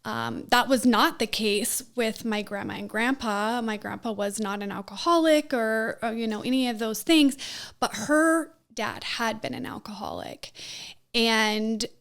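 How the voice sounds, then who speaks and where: A woman's voice: a little high, lively intonation, measured pace, fairly bright tone. A woman telling her personal story as a podcast guest, emotional and given to laughing, with many fillers.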